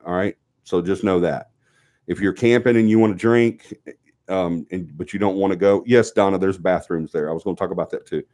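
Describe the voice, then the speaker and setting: A man's voice: low-pitched, fairly even intonation, brisk, darkish tone. A man with a Southern US accent, sniffly with a cold, hosting a live show and giving rambling, chatty announcements while holding firm on the rules. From Alabama, US South. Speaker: host of a paranormal team's live show. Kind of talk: casual live-stream announcements.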